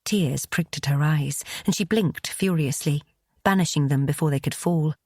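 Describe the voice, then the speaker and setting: A woman narrating an audiobook in a measured, even storytelling delivery, recorded close on a studio mic. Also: deep voice, slightly rough, dry recording.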